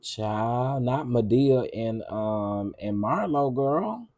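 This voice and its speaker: A man's voice: mid-range voice, lively intonation, very slow, few pauses, darkish tone. A man hosting a cooking channel, chatting casually with his livestream viewers, greeting them by name and repeating himself often.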